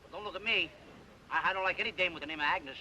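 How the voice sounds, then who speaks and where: A man playing an excitable, childlike bumbler in a 1950s TV comedy, whiny and flustered, with a noisy old soundtrack. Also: sits high, rapid-fire. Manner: whiny, flustered, breaks into bird calls. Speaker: comedian in a sitcom.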